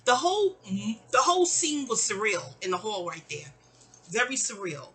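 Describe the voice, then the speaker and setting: Woman storyteller, chatty and rambling, bright tense voice, acts out the quotes. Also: mid-range voice, big pitch swings, normal speed, slightly rough. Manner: rambling, repeats and restarts words, acts out quotes. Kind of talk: casual storytime monologue.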